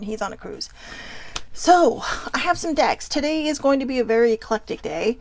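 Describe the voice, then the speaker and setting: A chatty middle-aged woman hosts her own show, reading cards aloud and riffing on them. Her voice sits a little high with a gravelly, fried edge. She swears casually and laughs easily. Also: lively intonation, normal speed, a little mellow, low-quality recording. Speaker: host. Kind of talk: casual card-reading chat.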